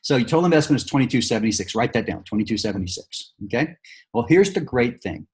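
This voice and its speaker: A man coaching sales reps, walking them through a demo pitch in an upbeat, encouraging way with many fillers and restarts. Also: very animated, fast, slightly rough. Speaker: sales trainer.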